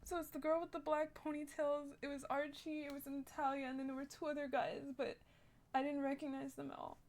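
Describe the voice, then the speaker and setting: A woman's voice: high-pitched, level tone, a little fast, a little mellow. A young woman telling a rambling, shaken story in character during a role-play game, full of "like" and restarts.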